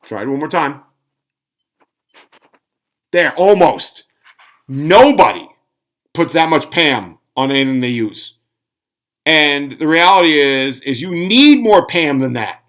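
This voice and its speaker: A man's voice: fairly high pitch, expressive, takes it slowly, long pauses, fairly bright tone. A middle-aged man ranting sarcastically in a casual home cooking vlog. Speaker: fitness vlogger. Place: home kitchen.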